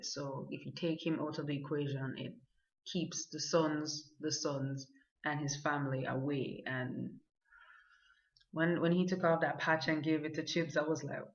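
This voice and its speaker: A woman talking casually to camera as a vlogger, chatty, with lots of fillers and acted-out quotes. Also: low voice. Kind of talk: casual chat. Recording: dull lo-fi sound.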